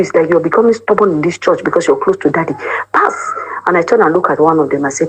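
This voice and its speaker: Speaking very fast in a husky, fairly low voice, a young woman from Cameroon recounts her days as a church choir member with real emotion. She's an animated storyteller who performs other people's lines and mixes pidgin into her English, all on a rough recording.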